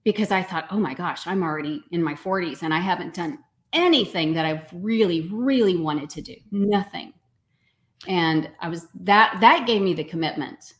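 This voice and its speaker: A woman's voice: lowish voice, moderate pace. A woman in her forties, a guest actor in a casual interview, talking with upbeat emphasis and easy laughs.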